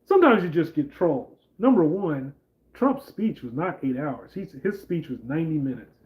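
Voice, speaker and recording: A man hosts a casual political commentary vlog, rambling conversationally with lots of fillers. His fairly high voice is very animated at a moderate pace. The sound is lo-fi.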